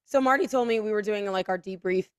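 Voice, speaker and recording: An animated woman co-host chats about a recent trip, tripping over her words as she hurries through a story. Her voice sits at a middle pitch. It is recorded dry and close on a studio mic. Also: clear, resonant tone, no echo. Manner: animated storytelling, quick stumbles and restarts. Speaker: podcast co-host. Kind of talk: casual political chat.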